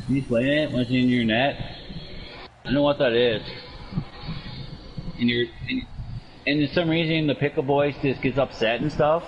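A man's voice: mid-range voice, fairly even intonation, normal speed, pauses often, a little hiss or hum. A man giving playful commentary while playing a video game, teasing and joking with his brother. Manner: teasing, jokey banter aimed at his brother. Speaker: gaming commentator. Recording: dull lo-fi sound with music behind.

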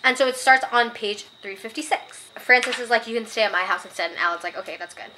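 Chatting through a book review, a young woman speaks quickly in a bright, clear, high voice with a steady tone. She voices strong opinions and grows heated while reading quotes aloud. The recording carries a little hiss or hum.

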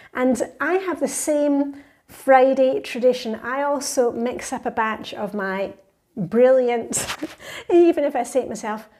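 A woman's voice: on the high side, dark tone. Chatty woman in her fifties. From Scotland. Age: 50s. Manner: chatty and enthusiastic, reads viewer comments aloud. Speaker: lifestyle vlogger. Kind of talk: chatty viewer Q&A.

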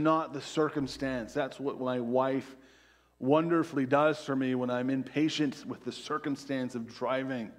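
A middle-aged male pastor preaching a conversational sermon, peppered with "right?" asides and dropping to a soft hush on key phrases. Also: a little high. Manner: drops to quiet, soft emphasis on key phrases.

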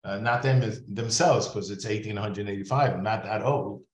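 A man's voice: fairly low pitch, normal speed, echoey room. An older man giving a webinar lecture over a video call, chatty and digressive with many fillers.

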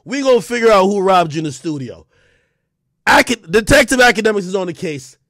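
A man giving loud, laughing reaction commentary, swinging from shouts to low mutters. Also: expressive, a little fast. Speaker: hip hop commentary streamer.

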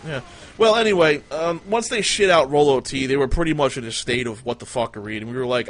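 A man's voice: mid-range voice, fast talker. A man hosting a livestream, telling crude comic tall tales in a rambling, swearing style. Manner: rambling, swears a lot, jumps into loud quoted voices. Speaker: livestream storyteller, host.

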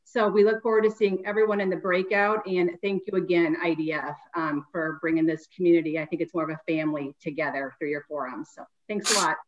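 Woman, lowish voice, friendly sponsor message, muffled lo-fi video call sound. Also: steady tone, a little fast, hardly any pauses. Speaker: company representative. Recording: dull lo-fi video call audio.

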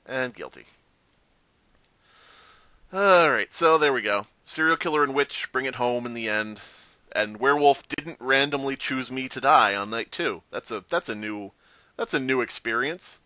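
A man commenting on his own game as he plays, sarcastic and quick to swear, with loud reactions. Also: mid-range voice, dry recording. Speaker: gaming channel host. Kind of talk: gameplay commentary. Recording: dry, slightly muffled home recording.

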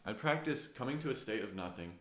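Quick and lively in intonation, the lowish-voiced vlogger, a man in his twenties, recounts a personal story in a roaming, earnest way. Reflective in manner, he uses many fillers and swears casually, and the room adds echo.

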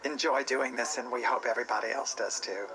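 A man's voice: mid-range voice, fairly even intonation, a little fast, poor audio. A man behind a stage musical, explaining its aims earnestly in a casual interview. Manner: earnest, warm about the show, laughs easily. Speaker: show creator.

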